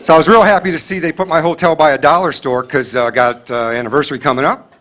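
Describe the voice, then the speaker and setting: A middle-aged male comedian doing a stand-up set on stage, animated, acting out scolding parents in quick quoted voices. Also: on the high side. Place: stage before a live audience.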